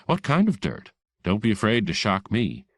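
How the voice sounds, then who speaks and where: Brassy redheaded receptionist, sarcastic and mock-sweet, pitched high, voiced by a male reader. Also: wildly swooping pitch, moderate pace, dry recording, clean studio sound, full character voice. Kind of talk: audiobook character voice.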